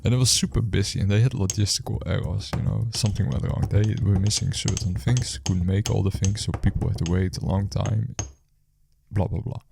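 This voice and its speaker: A man's voice: on the low side, fairly even intonation, brisk, vocal fry, background noise. A man who works as a food delivery rider, casually telling a story after his shift in a rambling, hesitant way full of fillers and restarts.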